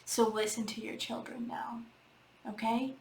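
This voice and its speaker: A woman's voice: a little high, little pitch movement, measured pace, creaky, darkish tone. Earnest woman coach in an echoey room. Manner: earnest, repetitive, addresses listeners directly. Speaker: healing coach and podcast host. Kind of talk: casual spoken advice talk. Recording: echoey room with faint background noise.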